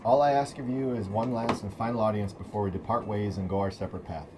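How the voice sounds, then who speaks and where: A man player reading a heartfelt letter aloud during a tabletop game, steady and earnest. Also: fairly low pitch, fast talker, background noise.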